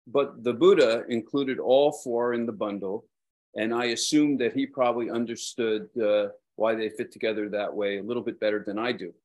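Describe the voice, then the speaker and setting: A man's voice: mid-range voice, darkish tone. Brooklyn guy giving a dharma talk, lots of uhs, wanders off and pokes fun at himself. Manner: rambling and self-deprecating, with frequent hesitations. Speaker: Buddhist dharma teacher.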